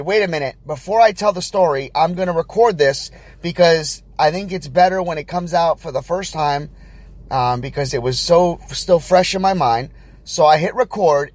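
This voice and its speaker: A man's voice: on the high side, a little mellow, no room sound. A man hosting a casual podcast, telling a story in a rambling, chatty way with lots of fillers and restarts, and acting out what people said. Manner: acts out the voices of people in his story. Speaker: podcast host and new father.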